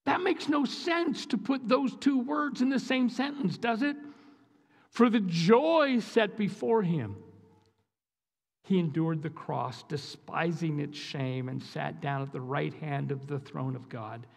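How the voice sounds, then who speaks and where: An Upper Midwest American man preaching a sermon in a high, gravelly voice, taking it slow. He sounds earnest and emphatic and repeats himself for weight. The voice rings out with a long hall reverb. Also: lively intonation. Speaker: guest preacher. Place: church sanctuary.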